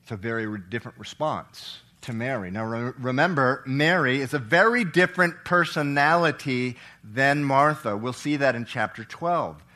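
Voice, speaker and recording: A middle-aged man preaching a sermon, swinging between loud, emphatic lines and hushed, soft reading, and asking the congregation questions. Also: mid-range voice, normal speed, few pauses. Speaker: pastor.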